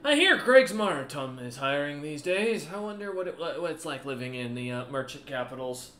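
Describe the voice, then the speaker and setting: A man's voice: on the high side, sing-song, moderate pace, fairly bright tone, reverberant, slight background noise. A man voicing a laid-back, joking guard captain in a tabletop game. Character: wry male guard captain, easygoing.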